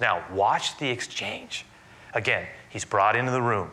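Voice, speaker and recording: A man preaching a sermon, retelling scripture in an animated, dramatic storytelling manner. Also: fairly low pitch, measured pace, a little hiss or hum.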